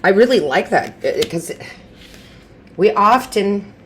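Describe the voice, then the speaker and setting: A woman's voice: mid-range voice, expressive, slow, a little hiss or hum. A woman giving an intuitive tarot reading in a chatty, reassuring way, repeating phrases for emphasis and often restarting mid-sentence. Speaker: tarot reader.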